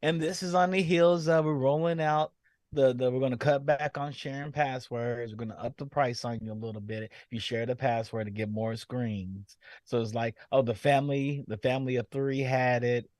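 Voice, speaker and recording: A man's voice: mid-range voice, steady tone, moderate pace, darkish tone, dry recording. A man co-hosting a podcast in casual chat, laid-back and slangy with a joking edge. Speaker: podcast co-host.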